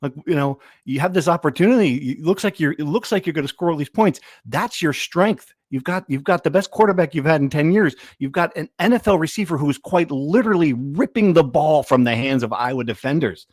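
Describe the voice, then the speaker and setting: A man's voice: fairly high pitch, animated, a little fast, few pauses, no echo, clean studio sound. Rambling man hosting a sports podcast. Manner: rambling, self-deprecating, trails off. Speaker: podcast host. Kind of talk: casual sports podcast chat.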